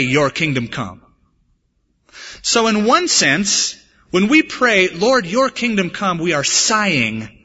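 Male pastor from the States, sermon delivery, earnest with touches of humor, sharp ringing tone, muffled recording with long reverb. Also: on the high side, breathy edge. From United States. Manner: earnest preaching mixed with humorous personal stories. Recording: dull, echoey church hall recording.

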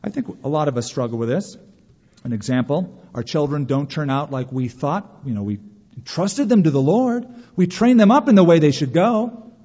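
Man, pastor, sermon, animated, slightly high, husky, dull echoey hall recording. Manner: animated preaching with quick mock quotes.

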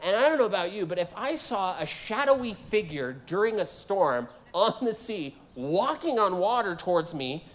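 Animated, joking male preacher. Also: high voice, moderate pace, few pauses. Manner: animated, joking, acts out voices in the scripture. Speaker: guest preacher. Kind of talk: sermon.

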